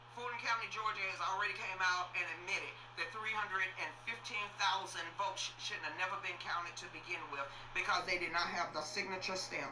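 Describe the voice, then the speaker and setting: Sassy, animated woman ranting. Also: medium pitch, a little hiss or hum. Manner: sassy, exasperated, mocking. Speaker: political commentary host. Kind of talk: casual political rant.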